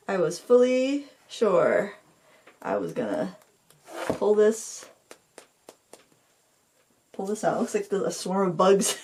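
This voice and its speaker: A woman's voice: mid-range voice, a little mellow. A middle-aged woman hosting a painting tutorial, rambling in a self-deprecating way as she talks to viewers while she works. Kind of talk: casual chatty painting tutorial.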